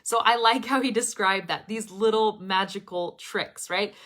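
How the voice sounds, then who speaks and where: Expressive, clear-spoken woman teacher. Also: medium pitch, a little slow. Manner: expressive, very clear speech, laughs often. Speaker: English pronunciation teacher. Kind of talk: live stream chat with students.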